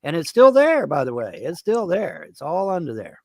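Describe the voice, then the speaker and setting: A man hosting a show, ranting in profane, repetitive bursts with many halting fillers. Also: on the high side, wildly swooping pitch, vocal fry, no echo. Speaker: host. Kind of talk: ranting commentary.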